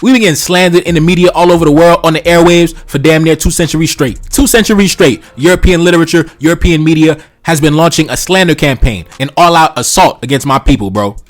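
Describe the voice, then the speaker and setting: A man's voice: on the high side, fairly even intonation, quick pace, hardly any pauses, faint music behind. A Haitian man hosting a reaction video, talking bluntly and profanely, often calling his listeners "bro" and "man". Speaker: channel host reacting to tweets. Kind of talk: reaction commentary.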